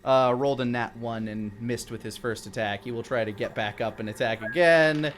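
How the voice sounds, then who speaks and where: A man's voice: medium pitch, moderate pace, a little hiss or hum. A man running a tabletop role-playing game as game master, narrating the action and counting out rolls. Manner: lively, counts dice out loud, animated narration.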